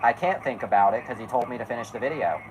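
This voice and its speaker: A streamer reacting aloud to a video, loud and excitable, swearing and laughing a lot. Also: mid-range voice, fast talker, slight background noise, rough recording. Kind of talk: reacting while watching a video.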